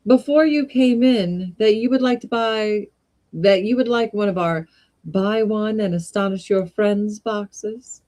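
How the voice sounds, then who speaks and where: A woman reading a story aloud, voicing a tall, uncanny male magic shopkeeper who speaks in a deliberate, politely insistent way. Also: medium pitch, warm tone, pitched above the performer's own voice, natural voice. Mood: courteous.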